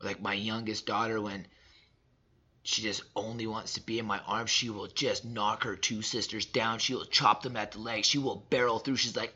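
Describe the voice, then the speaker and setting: A man in his thirties delivering a personal motivational monologue, emphatic and repetitive, swinging between loud and soft. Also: on the low side, level tone, moderate pace, husky, lo-fi sound. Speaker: father sharing reflections.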